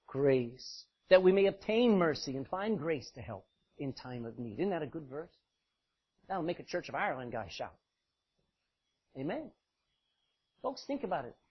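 A husky-voiced man preaching with a very lively, wide-ranging delivery. He swings from loud, stretched-out emphasis to quiet asides and laughs often. The recording sounds dull and lo-fi. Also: high voice. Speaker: pastor. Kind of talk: sermon.

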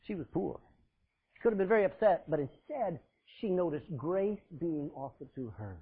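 A man with a fairly high, husky voice preaches a sermon, swinging between loud, urgent bursts and hushed, low passages. The sound is thin and tinny, like a phone line. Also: big pitch swings, normal speed.

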